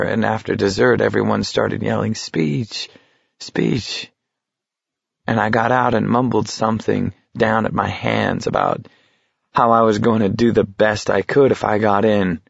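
A man reading as a frightened teenage boy, gravelly and panicky. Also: lowish voice, no room sound, highs cut off, full character voice. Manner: panicky, rising to shouts. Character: frightened teenage boy on a deadly long walk.

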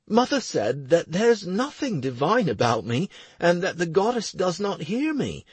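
A man reading an audiobook, voicing an excitable young male priest in a raised, eager, husky voice. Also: sits high, unhurried, no room sound, pitched above the performer's own voice, heavily acted. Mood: excited. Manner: excited, wondering.

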